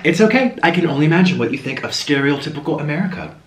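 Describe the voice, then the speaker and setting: A young man rambling through a casual eating-show chat, his voice sitting a little high and swinging up and down a lot. He talks between bites in a room that gives back a noticeable echo. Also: animated, very fast. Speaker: mukbang host. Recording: roomy echo.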